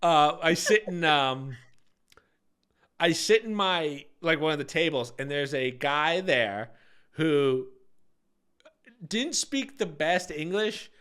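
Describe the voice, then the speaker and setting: A man's voice: a little high, expressive, slow, long pauses, fairly bright tone, smooth. A man co-hosting a podcast, telling a rambling travel story in casual chat and laughing often. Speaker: podcast co-host.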